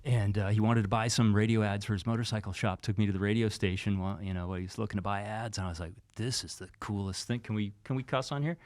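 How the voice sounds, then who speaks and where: A man's voice: lowish voice, fairly even intonation, racing, few pauses, darkish tone. Wry, joking man around 60. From Cape Cod, Massachusetts. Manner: wry, joking, self-deprecating, laughs often. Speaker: radio personality guest. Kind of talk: casual podcast interview. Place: studio in Las Vegas.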